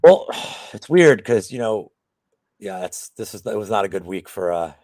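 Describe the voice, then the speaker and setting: A man's voice: fairly low pitch, animated, normal speed, a little mellow, no echo. A man co-hosting a betting show in casual chat, rambling with lots of fillers and restarts.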